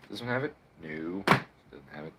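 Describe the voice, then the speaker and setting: A man's voice: low voice, expressive, brisk, very noisy. Profane, sarcastic man ranting on a livestream. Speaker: live streamer. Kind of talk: casual livestream rant. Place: at home.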